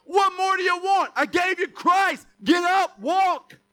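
A preacher voicing a shouting, impatient God. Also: male voice, very high voice, slow, voice pushed up, full character voice. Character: God, male, exasperated and commanding.

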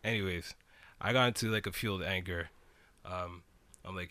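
A young man telling a slang-heavy story in an animated way during a casual chat. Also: sits low, moderate pace, long pauses, no room sound.

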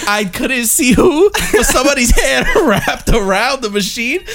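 Young man, high lively voice, animated storyteller, noisy recording. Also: a little slow, a loud crowd. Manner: animated, laughing, slangy. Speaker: podcast co-host. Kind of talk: casual storytelling chat. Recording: noisy background hiss.

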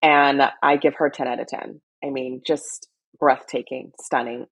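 A young woman co-hosting a casual fashion chat, excitable and animated, squealing when she gets excited. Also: a bass voice, a little slow, slightly rough. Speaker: co-host.

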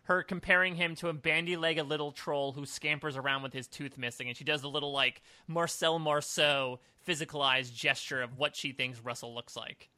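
Male podcast guest, slightly high, very bright tone, thoughtful casual analysis. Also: steady tone, normal speed, hardly any pauses, no room sound. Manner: thoughtful, talkative, many likes and you knows. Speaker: podcast co-host. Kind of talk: casual chat analyzing a reality show.

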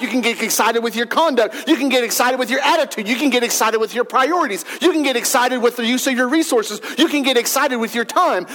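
A male pastor preaches with a strikingly high voice. He talks fast and with emphasis, rising to shouts as he drives his points home. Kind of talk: sermon.

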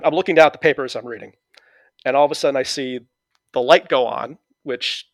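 A middle-aged man with a New England accent tells stories in relaxed conversation, stopping often on fillers and restarts. His voice sits at an everyday pitch and sounds dry and close to the mic. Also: no echo. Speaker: interview guest. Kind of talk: conversational reminiscing.

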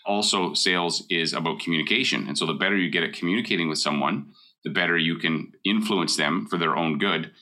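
A man's voice: deep voice, a little fast, bright, forceful tone. A middle-aged man from Canada, a mortgage broker giving blunt, emphatic advice in a casual talk and hammering home his points.

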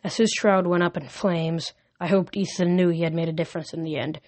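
A woman reading a novel aloud at a steady pace, with small slips and restarts. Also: fairly low pitch, brisk, no room sound. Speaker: audiobook reader.

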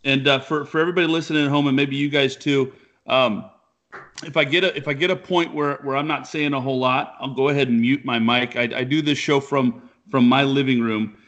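A man's voice: mid-range voice, fairly even intonation, brisk, fairly bright tone, highs cut off. A man hosting a podcast from his living room, chatting casually in loose, rambling sentences. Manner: rambling, talks in loose restarts. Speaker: podcast host.

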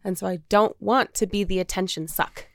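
A woman talks openly in casual podcast chat and laughs often as she goes. Her voice has a gravelly edge but stays smooth. The sound is dry and close. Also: medium pitch, fairly even intonation, fairly quick, dry recording. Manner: chatty, candid, laughs often. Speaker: podcast co-host.

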